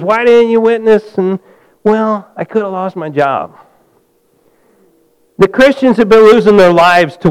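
Animated preaching man, high clear voice. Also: low-quality recording. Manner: animated preaching, rising to near-shouts then dropping to a low hush; calls out to the congregation for amens. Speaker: pastor. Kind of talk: sermon.

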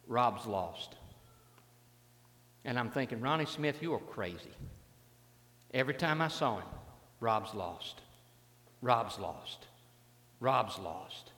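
A man preaching a revival sermon, dropping to hushed storytelling and rising to fervent shouts. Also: a little high. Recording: long reverb in a large hall.

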